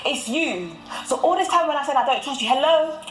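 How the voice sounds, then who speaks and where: A woman's voice: high-pitched, expressive, a little fast, a bit bright, reverberant. A woman on a reality show angrily confronting her partner in a heated, swearing argument.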